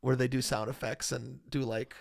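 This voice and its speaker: Guy with a gravelly voice, chill podcast host chatting casually, lots of ums and likes. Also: medium pitch, normal speed, no echo, clean studio sound. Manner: relaxed, chatty, trails off into fillers. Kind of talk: casual chat.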